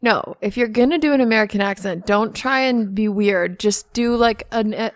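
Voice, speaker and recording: A young woman co-hosting a comedy podcast, animated and swearing freely. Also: medium pitch, normal speed, dry recording. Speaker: podcast co-host. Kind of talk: casual comedy podcast chat.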